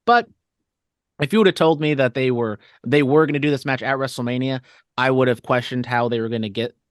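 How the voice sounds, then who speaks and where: A man's voice: mid-range voice, a little fast, clear, resonant tone, no room sound. A man co-hosts a casual podcast chat with a mid-range voice. He teases the others and gives long, rambling breakdowns, recorded dry and close. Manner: teasing, long-winded analysis. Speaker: podcast co-host.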